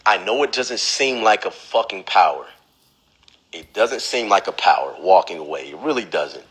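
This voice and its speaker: A man on a livestream giving blunt, profane advice, lecturing the viewer and mocking others in a whiny high voice. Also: expressive, normal speed, fairly bright tone, husky, poor audio. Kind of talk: instagram live rant. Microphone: phone.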